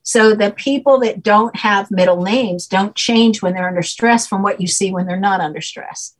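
Breathy woman explaining in measured tones. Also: mid-range voice, low-quality recording. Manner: measured, explanatory, with occasional fillers. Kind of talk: explaining spiritual ideas in conversation.

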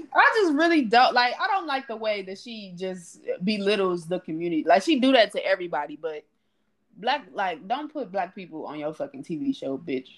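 A woman co-hosting a casual podcast chat, ranting loosely with constant swearing. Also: mid-range voice. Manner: profane, animated ranting. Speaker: podcast co-host.

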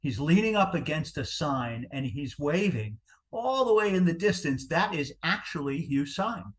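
A man with a New Jersey accent co-hosting a music podcast, calmly reciting album facts in a casual chat with halting fillers. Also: fairly high pitch. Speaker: podcast co-host.

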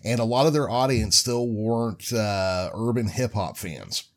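A man's voice: fairly low pitch, unhurried. An older man hosting a casual chat, making dry joking asides. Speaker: podcast host.

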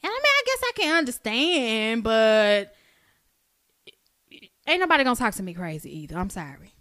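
A woman's voice: on the high side, sing-song, normal speed, pushed and bright, no room sound, studio quality. A young woman co-hosting a podcast in casual, joking chat, full of slang, acting out quotes. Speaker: podcast co-host.

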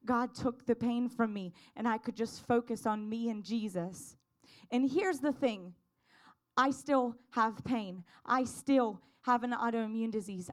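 A woman with a high voice shares a personal faith testimony. She speaks earnestly and fervently, building to emphatic declarations. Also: darkish tone.

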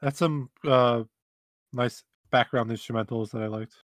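A man's voice: mid-range voice, steady tone, measured pace, no echo. A man co-hosting a casual music review chat, speaking in an easygoing, chill way with many likes. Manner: easygoing, chill, says like often. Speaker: music podcast co-host.

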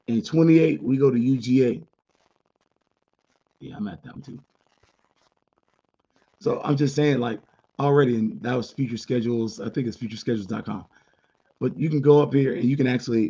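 A man's voice: medium pitch, warm tone, slightly rough, lo-fi sound. A man hosting a casual sports podcast monologue, talking candidly and chattily, with blunt opinions and side remarks. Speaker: podcast host.

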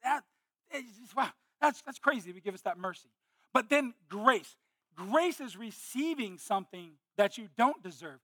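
Bright-voiced man preaching a sermon. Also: sits high, moderate pace, no echo, studio quality. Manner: animated, exclamatory storytelling with sudden loud outbursts. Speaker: pastor.

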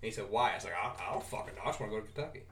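A man's voice: fairly low pitch, animated, racing, far from the mic. A half-drunk man chatting casually as a podcast co-host, swearing and laughing as he cuts in. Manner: profane, laughing, interjecting. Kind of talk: casual chat.

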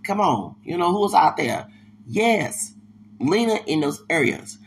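A man from Houston, Texas, hosting a podcast, delivering a heated, slangy and repetitive rant of commentary with loud bursts of laughter. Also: fairly high pitch, sing-song, measured pace, gravelly, slightly rough. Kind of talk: ranting commentary monologue.

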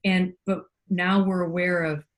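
A middle-aged woman whose voice is on the low side talks at a measured pace on a podcast where she's a guest. She tells personal stories in a casual, spirited way, acting out quoted voices.

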